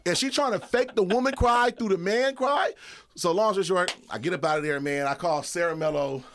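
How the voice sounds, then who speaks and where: A man's voice: high-pitched, brisk, slight background noise. A man guest on a comedy podcast telling a story in a casual, profane, rambling way. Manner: animated, profane, rambling with restarts. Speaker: guest, comedy show creative director.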